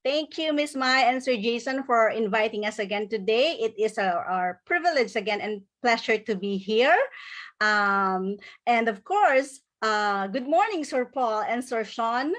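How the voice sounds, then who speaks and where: A woman's voice: a little high, expressive, unhurried, fairly bright tone. A middle-aged woman giving an emotional, grateful recognition speech from home, now and then tearing up and laughing through it. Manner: tearful, grateful, breaks into laughter.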